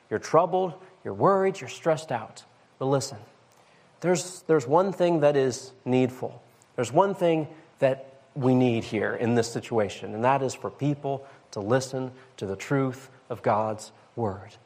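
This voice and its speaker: A gentle teacher speaking low and quiet, correcting a stressed friend with kindness, as a male preacher puts him on. The tone stays calm and unhurried.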